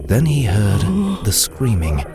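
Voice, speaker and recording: A man narrating a dark fantasy story in a slow, measured way. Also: fairly low pitch, a crowd in the background. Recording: steady cricket and insect noise.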